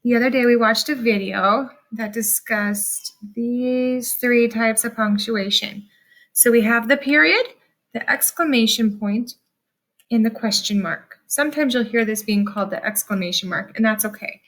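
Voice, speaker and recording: A woman teacher giving a recorded lesson to children, speaking slowly and clearly with strong emphasis. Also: on the high side, a bit bright.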